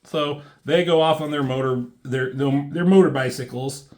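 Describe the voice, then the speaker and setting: A man's voice: medium pitch, normal speed, a little mellow. A man casually reviewing a comic book, rambling and swearing freely, with lots of ums and likes. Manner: rambling and profane, many fillers like "um" and "like".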